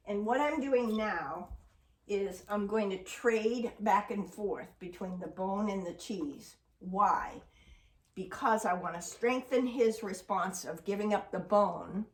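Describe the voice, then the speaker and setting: A woman's voice: mid-range voice, takes it slowly. A woman dog trainer patiently explaining a training exercise and talking affectionately to her dog, heard from a distant mic. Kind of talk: training demonstration with commentary. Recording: roomy sound from a distant mic.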